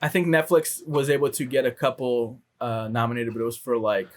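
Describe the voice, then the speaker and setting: A man's voice: medium pitch, flat delivery, fairly quick. A man co-hosting a podcast in casual chat, hesitant, with many fillers and restarts. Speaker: podcast co-host.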